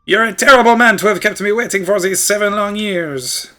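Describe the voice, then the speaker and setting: A man's voice: high-pitched, lively intonation, measured pace, a bit bright, pitched above the performer's own voice. A man putting on a dramatic fish princess with a mock French lilt. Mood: reproachful. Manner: put-on mock French accent; dramatic, pleading, overblown. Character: pushy young fish-princess, self-declared bride.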